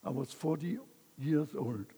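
A man's voice: on the high side, measured pace, vocal fry, mellow, husky, big-room sound. An older man giving an emotional personal testimony as a missionary speaker, chuckling between lines.

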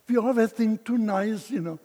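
Husky older man telling his story slowly. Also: high voice, dark tone, big-room sound. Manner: emotional storyteller who chuckles between lines. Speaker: missionary speaker. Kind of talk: personal testimony talk.

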